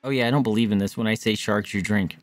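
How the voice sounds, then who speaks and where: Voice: medium pitch, steady tone, quick pace, music in the background. A gamer in casual banter on a co-op stream, teasing the partner and swearing freely. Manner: joking, teasing, frequent swearing.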